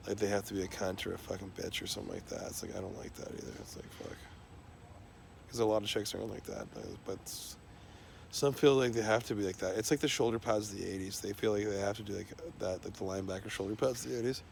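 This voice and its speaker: A man's voice: on the low side, lively intonation, fast, creaky, a little hiss or hum. A man talking in a loose, rambling monologue, swearing constantly and trailing off into fillers and restarts.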